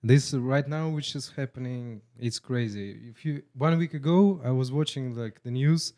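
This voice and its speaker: A man's voice: mid-range voice, moderate pace, warm tone. A man from Russia speaking broken English with a Russian accent, a guest in casual podcast chat who often says "bro".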